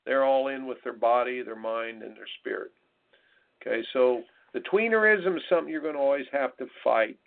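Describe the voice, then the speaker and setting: Gravelly american coach guy hosting radio, folksy and emphatic, sounds like a phone line. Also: medium pitch, brisk. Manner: folksy, emphatic, repeats phrases. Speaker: tennis coach and radio host. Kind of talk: radio talk monologue.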